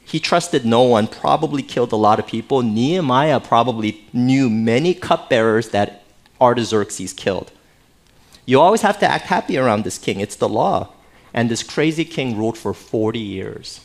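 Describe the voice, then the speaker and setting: A man preaching from the pulpit as pastor, his voice sitting at an ordinary middle pitch. He talks to the congregation in a loose, conversational way, tossing in jokes and frequent "right?" asides. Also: animated, moderate pace. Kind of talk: sermon. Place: church sanctuary.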